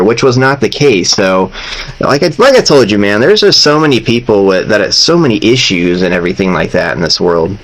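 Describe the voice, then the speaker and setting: A man's voice: fairly low pitch, expressive, moderate pace, fairly bright tone, low-quality recording. A man hosting a reaction video, commenting casually and with exasperation, repeating himself.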